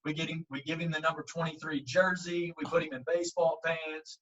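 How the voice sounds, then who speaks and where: Animated man coach telling a story. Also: a little high, brisk, far from the mic. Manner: animated, acts out quotes, frequent fillers. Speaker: baseball coach. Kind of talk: casual storytelling in an interview. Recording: muffled audio, speaker set back from the mic.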